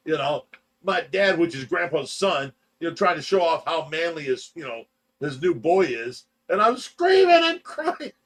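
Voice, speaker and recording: A man's voice: on the high side, moderate pace. A man hosting a livestream, chatting casually and telling long rambling stories, laughing along as he goes and sounding tired from little sleep. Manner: rambling, laughs through his own stories. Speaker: livestream host. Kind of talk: casual storytelling chat.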